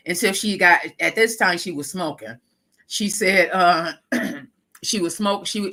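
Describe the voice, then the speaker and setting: A middle-aged woman chats casually on a live stream, her voice bright and ringing even though she is stuffed up and keeps clearing her throat. She is lively and talkative and keeps turning to her viewers with a friendly y'all. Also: fairly low pitch. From Lackawanna, New York, USA. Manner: chatty, animated, laughing asides, calls audience y'all. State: congested, runny nose, clearing throat. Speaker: livestream host.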